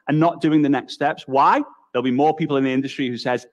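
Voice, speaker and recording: A young man from England with a Liverpool accent, speaking in a noticeably high voice. He drives a motivational talk forward with energetic storytelling and rapid-fire repetition. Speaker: network marketing speaker.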